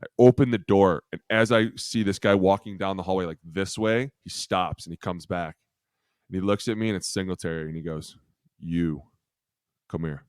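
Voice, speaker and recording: A man's voice: deep voice, fairly quick, clear, resonant tone, no room sound, clean studio sound. A man in his thirties on a podcast, telling blunt, profane stories from his playing days in a casual, rambling way. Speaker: podcast co-host, former pro lineman.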